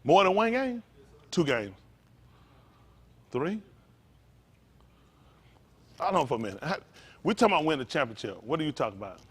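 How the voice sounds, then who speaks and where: A man preaching an interactive sermon, calling out to his congregation in with a lively, animated manner. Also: a little high, moderate pace, pauses often, breathy edge. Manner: animated, calls out to the congregation, folksy vernacular. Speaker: pastor.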